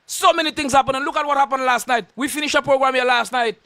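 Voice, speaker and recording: A man's voice: extremely high pitch, steady tone, fast talker, bright, forceful tone, dry recording. A man with a Saint Lucian accent, a radio host delivering a confrontational on-air rant full of insults and repeated warnings.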